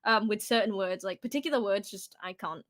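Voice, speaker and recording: Chatty young British woman, bright voice. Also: mid-range voice, brisk. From Britain. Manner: chatty, laughs often, trailing fillers. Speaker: guest. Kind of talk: casual chat.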